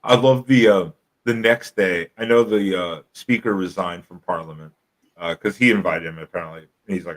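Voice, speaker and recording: A man's voice: low voice, normal speed, rough recording. A man hosting a livestream, rambling through profane stories and laughing often. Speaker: livestream host. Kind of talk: casual chat.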